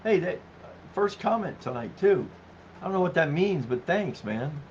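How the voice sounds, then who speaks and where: Chatting on a livestream, a man in his fifties has a sing-song, darkish voice at a moderate pace. He laughs frequently and reads chat comments aloud, and the stream audio is dull, low-fi and faintly noisy.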